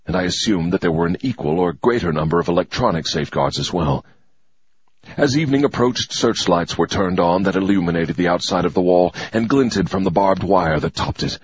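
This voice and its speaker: A man narrating a first-person adventure story in an expressive, dramatic way. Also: low voice, fairly quick, slightly rough, dry recording, muffled recording. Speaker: audiobook narrator.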